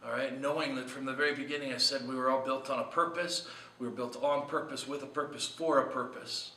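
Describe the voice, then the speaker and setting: Preacher guy talking earnestly, bright voice, mic a ways off in an echoey room. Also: medium pitch, steady tone, fairly quick, distant mic. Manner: earnest, conversational preaching with rhetorical questions. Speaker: pastor. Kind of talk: short devotional sermon.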